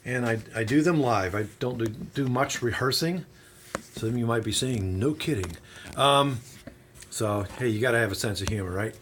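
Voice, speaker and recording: A man's voice: medium pitch, moderate pace, fairly bright tone. Folksy middle-aged man in a roomy workshop. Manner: folksy, chatty, calls viewers "my friends". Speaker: woodworking channel host. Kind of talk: casual how-to demonstration. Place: home workshop. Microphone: phone camera. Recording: roomy workshop echo, faint noise.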